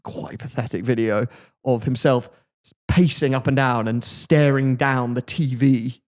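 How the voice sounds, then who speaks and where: Male podcast host, mid pitch, chatty and wry, casual storytelling delivery. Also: steady tone, measured pace, a little mellow. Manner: chatty, wry, jokey retelling.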